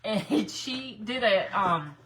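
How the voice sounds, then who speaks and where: A woman's voice: mid-range voice, animated, slow, a bit bright, slight background noise. A middle-aged woman hosting a live crafting stream, chatting bubbly with viewers, rambling and laughing often. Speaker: craft livestream host.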